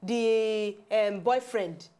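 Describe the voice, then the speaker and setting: A woman's voice: mid-range voice, drawn-out words, dark tone. A woman with a Nigerian Pidgin accent, co-hosting a TV talk show in a teasing, chatty way. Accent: Nigerian Pidgin English. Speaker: TV show co-host. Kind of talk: casual chat presenting news stories.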